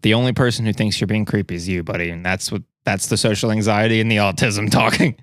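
A man's voice: fairly low pitch, fairly even intonation, fast talker, a bit bright, no room sound, clean studio sound. A man co-hosting a podcast who teases his friend bluntly and laughs easily in casual chat. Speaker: podcast co-host.

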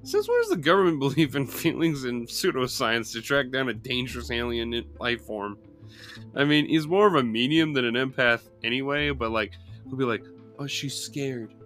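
A man's voice: medium pitch, sing-song, normal speed, a bit bright, faint music behind. A man giving a loose, rambling, profane movie review, with lots of fillers and small laughs. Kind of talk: casual solo movie review.

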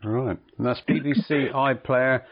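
A man's voice: medium pitch, steady tone, unhurried. Radio host guy, casual chat, nudges his guest along, bit muffled. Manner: brief, prompting interjections. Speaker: radio presenter. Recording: slightly dull radio audio.

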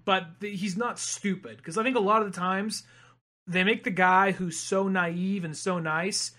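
A man's voice: high-pitched, fairly even intonation, measured pace, pushed and bright. A young man co-hosting a podcast, chatting casually and rambling through a movie recap. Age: young adult. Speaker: podcast co-host. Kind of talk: casual chat.

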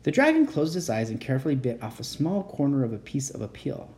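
A reader telling a children's chapter book aloud in an expressive, animated way. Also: medium pitch, fast talker. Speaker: storybook reader.

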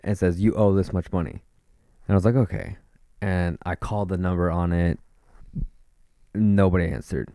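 A man's voice: low-pitched, steady tone, normal speed, pauses often, mellow, no echo, clean studio sound. A young man casually telling a rambling, profane story, full of fillers and restarts. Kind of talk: casual chat.

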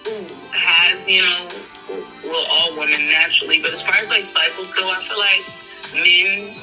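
A woman's voice: fairly low pitch, normal speed, faint music behind, rough recording. A young adult woman hosting a podcast, chatting casually and asking probing questions. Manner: relaxed, conversational, asks probing questions. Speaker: podcast host. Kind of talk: casual chat.

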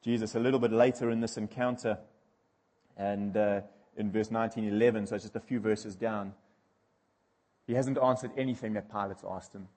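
A man's voice: fairly low pitch, fairly even intonation, brisk, a little mellow, in a large hall. A male preacher delivering a sermon, emphatic and repeating key phrases as he builds intensity.

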